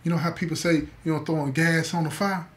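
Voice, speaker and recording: A man's voice: fairly high pitch, fairly even intonation, quick pace. A man telling a story to listeners, emphatic, repeating key words and calling them "y'all". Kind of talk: spoken storytelling to an audience.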